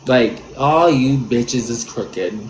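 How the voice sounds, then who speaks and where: A man's voice: mid-range voice, expressive, slow, a little hiss or hum. A man giving an angry, profane commentary rant on a livestream. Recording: roomy echo.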